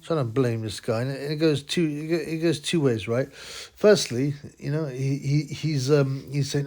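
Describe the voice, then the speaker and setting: A man's voice: mid-range voice, moderate pace, darkish tone. A man in casual, crude, mocking boxing commentary, rambling with many restarts.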